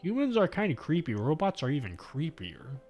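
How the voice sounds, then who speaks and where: Over faint music, a young Australian guy hosting a casual livestream talks to his viewers in a rambling way, full of fillers and restarts, often interrupting himself. His slightly high voice has a sing-song lilt, a darkish tone and a moderate pace.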